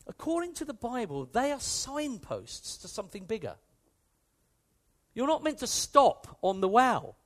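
A male preacher with a high voice that leaps up and down in pitch as he preaches. He speaks with emphasis, returns to the same phrases again and again, and asks his listeners direct questions. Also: big pitch swings, unhurried, a bit bright. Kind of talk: sermon.

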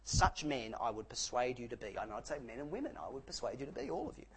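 A man preaching a sermon in an animated, jokey way, with sarcastic asides. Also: medium pitch, fast talker, a little hiss or hum, rough recording.

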